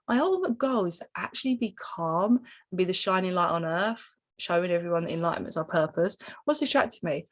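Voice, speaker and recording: A woman giving a casual, animated spiritual coaching talk, her voice jumping high for emphasis. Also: quick pace, no echo. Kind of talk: casual spiritual teaching monologue.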